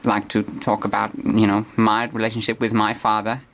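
A man playing a deadpan, hesitant man who invented a posh stage character, as a guest on a comedy radio interview. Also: lowish voice, a little hiss or hum. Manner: halting, deadpan, slow and hesitant.

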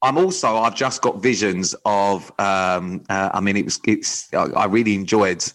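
A man co-hosting a podcast in casual chat. He talks hesitantly with many pauses and a wry tone. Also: on the low side, a bit bright, rough recording. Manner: hesitant, full of ums, wry. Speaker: podcast co-host.

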